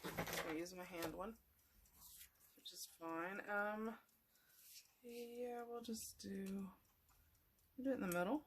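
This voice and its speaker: A woman's voice: medium pitch, steady tone, slow pace, pauses often, slight background noise. A woman hosting a craft tutorial, chatting casually and meanderingly to viewers as she works, a little sleepy and yawning. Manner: chatty and meandering, talking to viewers while working.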